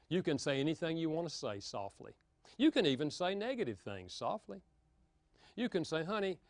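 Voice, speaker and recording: Man, marriage seminar speaker, playful, very expressive pitch, fairly high voice. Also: dry recording. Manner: animated, playful, jokes with the audience. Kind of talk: humorous lecture to an audience.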